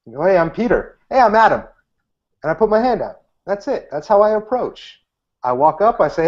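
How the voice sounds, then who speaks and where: A man's voice: high voice, fairly quick. A man in his thirties, a guest magician, giving casual interview answers and acting out what he says to people in a lifted voice. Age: 30s. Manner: animated, acts out quoted lines in a lifted voice. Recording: dull lo-fi recording.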